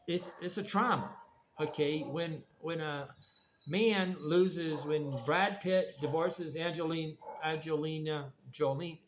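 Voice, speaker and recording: A man giving a blunt, rambling, preachy monologue about recovery and trauma. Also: on the high side. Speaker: vlogger. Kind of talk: casual monologue. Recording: faint background noise.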